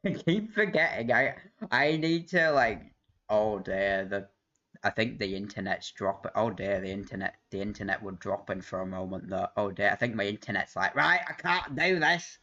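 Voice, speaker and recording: A man's voice: lowish voice, normal speed, fairly bright tone. A man hosting a live stream, rambling in casual chat, laughing often and swearing freely. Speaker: livestream host. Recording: dull lo-fi stream audio.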